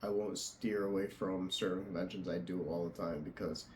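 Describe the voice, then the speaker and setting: A man's voice: deep voice, steady tone, normal speed, slight background noise. A young man hosting a casual interview, easygoing and chatty, laughing often. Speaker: podcast host and tattoo artist.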